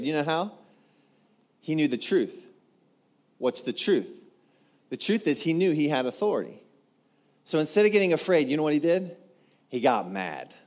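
A man, a pastor, preaching a sermon in an animated way, acting out quoted voices and building to loud exclamations. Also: a little high.

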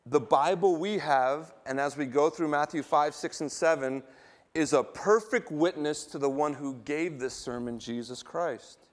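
A middle-aged male pastor reads scripture during his sermon, speaking emphatically and quizzing the congregation with questions. His voice is fairly high and unhurried.

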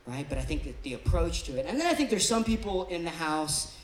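A pastor delivers a sermon in a conversational way, now and then acting out the people being described. The voice sits at a middle pitch. It carries the roomy echo of a church hall. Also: sing-song, brisk. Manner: conversational, acts out quoted people in different voices. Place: church auditorium.

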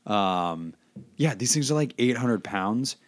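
A man's voice: medium pitch, animated, takes it slowly, no echo. A man co-hosting a podcast, chatting casually in a joking, rambling way. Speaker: podcast co-host. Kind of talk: casual chat.

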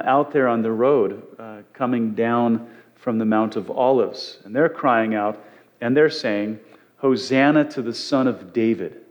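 A man teaching from the Bible as a pastor, in a conversational way with frequent fillers and restarts. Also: mid-range voice.

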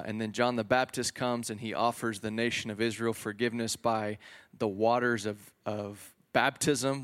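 A man preaching a sermon to a congregation in a relaxed, conversational way, with casual slang and frequent fillers. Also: mid-range voice, smooth. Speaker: pastor. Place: church hall before a congregation.

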